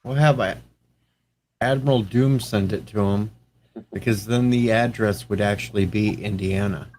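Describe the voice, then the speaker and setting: A man's voice: lowish voice, steady tone, moderate pace, a little mellow, slight background noise. A man joking around with friends in a casual livestream chat. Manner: joking, playful.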